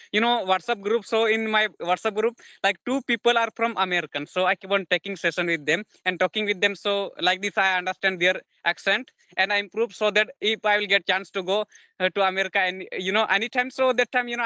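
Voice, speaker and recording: A man, from India, speaks as a guest learning English. He pauses often and fills the gaps with fillers. His voice is high and bright, and the sound is dry and close. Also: dry recording. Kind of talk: casual conversation.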